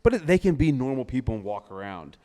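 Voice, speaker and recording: Young man, casual storytelling, animated, frequent laughs, mid pitch, long reverb. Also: quick pace. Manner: animated, laughing often, lots of fillers. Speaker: DJ and podcast guest.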